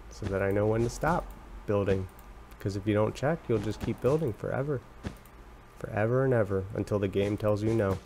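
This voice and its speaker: A young man casually commenting on a game he is playing, rambling and excitable, breaking into high squeals when startled. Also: slight background noise. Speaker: let's play commentator.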